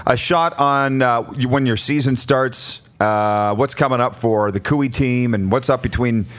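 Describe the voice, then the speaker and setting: A man's voice: mid-range voice, measured pace. A man hosting a talk show, chatting casually with a guest and teasing in a friendly way. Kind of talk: casual interview chat.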